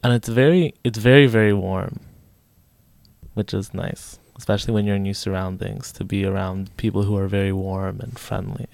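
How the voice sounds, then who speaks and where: A man's voice: lowish voice, steady tone, normal speed, vocal fry, darkish tone, no echo. A man from the United States, a guest on a podcast, chatting thoughtfully with lots of "like". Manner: thoughtful, filler-heavy, a lot of "like". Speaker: podcast guest, English teaching fellow. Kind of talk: casual chat.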